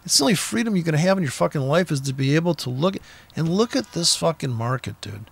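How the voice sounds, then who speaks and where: A man's voice: medium pitch, a little fast, vocal fry, husky. A man giving blunt, profane, combative trading commentary in an unscripted rant, speaking from a car with the window down.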